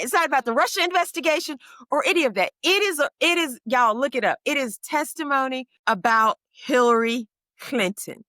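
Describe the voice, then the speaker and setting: A woman co-hosting a podcast, chatting casually and animatedly, leaping up into high exclaiming tones. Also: a little fast, sharp tone, no room sound, clean studio sound. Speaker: podcast co-host. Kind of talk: casual chat.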